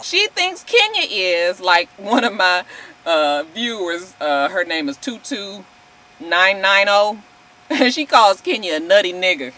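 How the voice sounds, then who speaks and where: A woman's voice: mid-range voice, animated, normal speed, sharp tone. A woman recapping a reality show in casual, blunt talk, swearing freely and calling her viewers y'all. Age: 40s.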